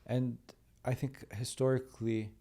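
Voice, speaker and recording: A man hosting a podcast conversation, speaking haltingly and searching for words as he asks questions. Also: mid-range voice, level tone, warm tone. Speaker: podcast host.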